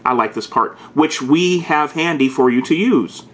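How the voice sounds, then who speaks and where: A man vlogging, reading a text aloud in a stiff, emphatic voice and breaking off to comment in quick, casual asides. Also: fairly high pitch, very animated, fairly bright tone. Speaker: gun video host.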